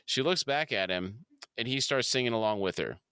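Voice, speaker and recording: A man's voice: medium pitch, animated, moderate pace, bright, forceful tone, clear, resonant tone, no room sound, studio quality. A man co-hosting a podcast, casually recapping a TV episode scene by scene and laughing easily. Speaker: podcast co-host.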